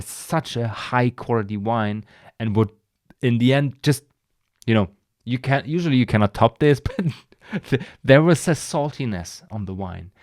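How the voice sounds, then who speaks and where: Low-voiced man chatting enthusiastically. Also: a little mellow, no room sound, studio quality. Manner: enthusiastic, rambling, frequent restarts and sighs. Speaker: podcast host. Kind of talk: casual solo wine podcast.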